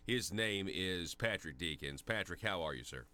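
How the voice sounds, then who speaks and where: Man, Southern accent, radio talk host, lowish voice, joking, chatty. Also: expressive, normal speed, pushed and bright. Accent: Southern American.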